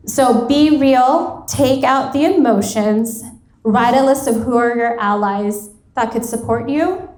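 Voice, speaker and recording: A woman's voice: a little high, darkish tone. Chatty woman coach in an echoey hall. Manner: conversational, peppered with "like", acts out quoted dialogue. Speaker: career coach giving a workshop talk. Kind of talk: live motivational workshop talk. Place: event hall at a women's retreat. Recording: roomy echo of a live hall.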